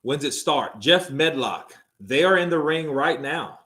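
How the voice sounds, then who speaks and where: A young man hosting a live stream, giving hyped, animated watch-along commentary and laughing often. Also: on the high side, measured pace.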